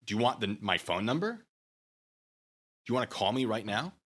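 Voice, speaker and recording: A man's voice: fairly low pitch, big pitch swings, fairly quick, a bit bright. A man hosting his own channel, ranting to the camera and goading a rival in a taunting, sarcastic way. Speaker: channel host.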